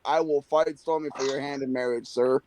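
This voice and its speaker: A man's voice: mid-range voice, fairly even intonation, brisk, darkish tone, a little hiss or hum. A young man co-hosting a podcast, brash and joking, swearing freely in casual chat. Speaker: podcast co-host.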